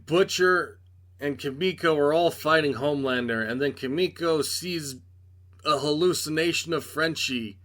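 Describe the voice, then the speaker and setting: A young man gives a casual, sarcastic review recap. His voice is bright and crisp, and his tone is exasperated and dismissive, with frequent shrugs of "whatever.". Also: mid-range voice.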